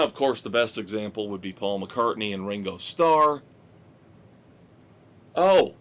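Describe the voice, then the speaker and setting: A man's voice: medium pitch, a bit bright. A man hosting a rock podcast, running through tour news in a chatty, opinionated way. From United States. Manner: chatty, opinionated, drawn-out delivery. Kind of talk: casual music news rundown.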